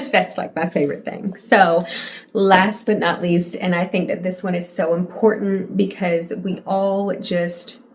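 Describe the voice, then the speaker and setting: A woman's voice: lowish voice, level tone, a little slow, a little hiss or hum. Chatty woman podcaster in her late 20s. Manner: candid, chatty, addresses listeners as y'all, swears. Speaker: podcast host. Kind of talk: casual solo podcast monologue.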